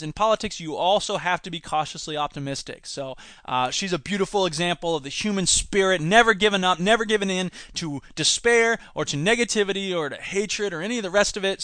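A man's voice: high-pitched, a bit bright, no room sound. A man hosting a solo podcast, reading news and mocking it with sarcastic asides and put-on voices. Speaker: podcast host.

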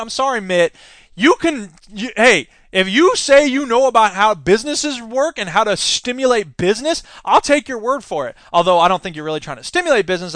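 High, bright-voiced ranting male podcaster. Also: dry recording. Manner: sarcastic, ranting asides between read news items. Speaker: podcast host and teacher. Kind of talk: opinionated news commentary podcast.

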